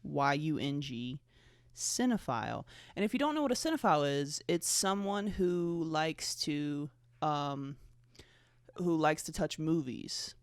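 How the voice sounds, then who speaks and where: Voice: medium pitch, animated, a little slow, clear, resonant tone, no room sound, clean studio sound. A twenty-five-year-old podcast host with a hint of a Southern US accent, chatting alone in a rambling, jokey, profane way. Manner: rambling, jokey and profane, with self-mocking asides. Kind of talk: casual solo podcast chat.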